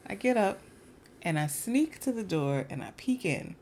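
A woman's voice: mid-range voice, big pitch swings, normal speed, darkish tone, a little hiss or hum. A woman co-hosting a casual podcast, telling funny stories about her children and laughing often. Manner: laughs often while storytelling. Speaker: podcast co-host, mother. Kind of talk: casual chat.

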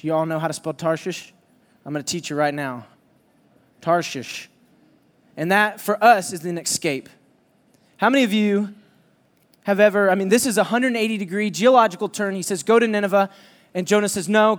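A man preaching a sermon, telling a lively personal story and teasing his listeners. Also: sits high, long reverb tail. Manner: animated, joking storyteller who teases the audience.

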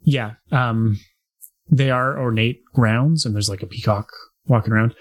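A man narrating and running a tabletop role-playing game as game master, relaxed and wry. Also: mid-range voice, a little slow.

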